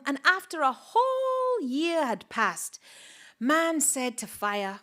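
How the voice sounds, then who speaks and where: Expressive, slow woman storyteller. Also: high-pitched. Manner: dramatic, expressive, sound effects and whispers. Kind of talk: live folktale storytelling.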